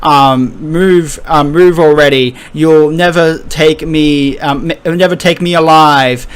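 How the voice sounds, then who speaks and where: A man's voice: fairly high pitch, fairly even intonation, slow pace, clear, resonant tone. A man voicing a young princess on the run in a casual, offhand read-out. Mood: determined.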